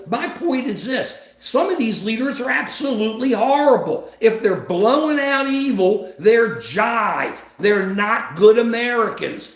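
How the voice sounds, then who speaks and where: A man's voice: very high-pitched, echoey room, low-quality recording. A man hosting a podcast and giving impassioned political talk, emphatic and preachy, repeating his phrases. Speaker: podcast host.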